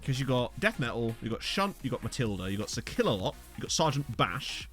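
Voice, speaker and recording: A man's voice: mid-range voice, big pitch swings, a little fast, a bit bright, soft background music. A man doing live-stream commentary on a game, chatty and giggly, swearing freely into a desk microphone. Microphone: desk USB condenser mic.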